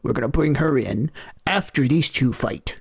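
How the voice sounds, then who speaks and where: A man's voice: mid-range voice, expressive, moderate pace, creaky, slightly rough. A man playing an offhand fantasy bookie. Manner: rambling, offhand. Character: male bookie at a betting window, impatient.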